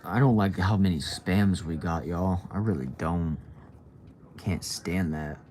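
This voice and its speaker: A man's voice: deep voice, measured pace, darkish tone, slight background noise. A young man at home, casually reading out livestream comments in a laid-back, drawling way, saying bro and y'all. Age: young adult. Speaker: livestream host. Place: at home indoors. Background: faint TV sound from another room.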